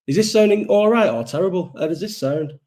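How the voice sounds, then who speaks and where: A man's voice: sits high, expressive, fairly quick, a little mellow. Man, live stream host, rambling, swearing, jokey banter, laptop mic. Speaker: livestream host. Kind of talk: casual live chat reading viewer comments. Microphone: laptop built-in microphone.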